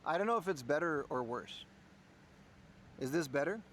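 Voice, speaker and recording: A man hosts an outdoor livestream by the sea, with his voice sitting a little high. He chats to viewers in a relaxed way while sorting out a mic clipped to his hat. A faint wind noise runs under his voice. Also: moderate pace. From Netherlands. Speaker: livestream host. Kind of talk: casual IRL livestream talk. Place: outdoors by the ocean. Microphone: clip mic on his hat.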